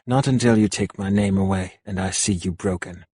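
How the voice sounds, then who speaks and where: A man's voice: low voice, fairly even intonation, normal speed, mellow, husky, dry recording, clean studio sound. A man voicing a sullen, defiant young male prisoner.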